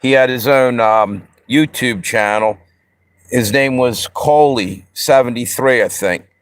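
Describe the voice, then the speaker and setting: Hosting a live stream, a man from around Pennsylvania and Delaware talks casually and rambles as he speaks straight to his viewers' chat. He takes it slowly in a medium-pitched voice, with a dry, studio-quality recording.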